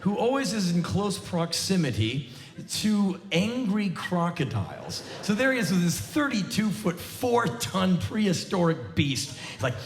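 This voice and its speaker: A sardonic man in his forties delivers a comedic spoken word set live from a theater stage. His pitch swings in animated, lively arcs as he punches his points. The hall gives his voice a roomy ring. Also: unhurried. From United States. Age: 40s. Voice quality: sardonic, emphatic. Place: large theater stage before an audience.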